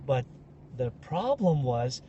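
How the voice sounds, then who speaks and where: A young man co-hosting a podcast, telling animated comic stories and acting out the people in them. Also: medium pitch, slow, slightly rough, lo-fi sound. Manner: animated, acts out voices in anecdotes. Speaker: podcast co-host. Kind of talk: casual comedic storytelling.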